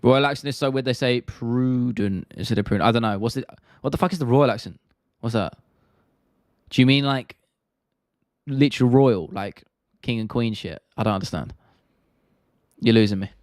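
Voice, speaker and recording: A man's voice: mid-range voice, moderate pace, long pauses, darkish tone, no echo, clean studio sound. Chatty South London guy. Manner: chatty, blunt, swears freely, drops T's. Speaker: MMA stream host. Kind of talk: casual live-stream chat reading viewer comments.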